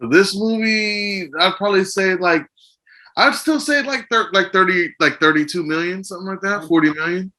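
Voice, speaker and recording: A man co-hosting a podcast, chatting casually about films, throwing in crude jokes and quick agreement. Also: high-pitched, pushed and bright. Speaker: podcast co-host. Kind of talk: casual film review chat.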